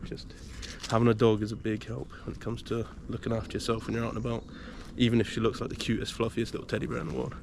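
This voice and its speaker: A UK man vlogging a solo wild camp in the woods speaks in a fairly low, gravelly monotone, quick and with few pauses, over background noise. Hushed and half-whispering, he chats casually to camera while explaining his gear step by step.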